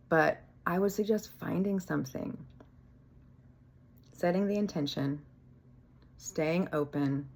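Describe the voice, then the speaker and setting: A woman's voice: fairly low pitch, slow pace, creaky, long pauses, darkish tone, husky. A woman talking casually and candidly in a spiritual vlog, rambling a little, swearing freely and laughing at herself. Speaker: spiritual vlogger.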